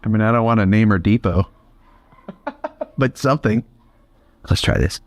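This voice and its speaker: Soft-spoken man, reassuring and patient, voice passed through an artificial-sounding filter, dry and close. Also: on the low side, moderate pace, long pauses, no room sound, lo-fi sound. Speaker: shelter dog volunteer. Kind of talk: gentle talk to a frightened dog, vlog.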